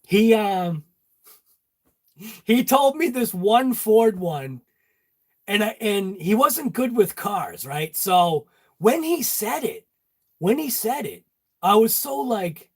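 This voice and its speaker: Garage host, male, high voice, joking with his viewers. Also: animated, slow, pauses often. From Massachusetts. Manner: jokey, talks to viewers by name. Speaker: channel host. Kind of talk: casual workshop chat. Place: home garage workshop.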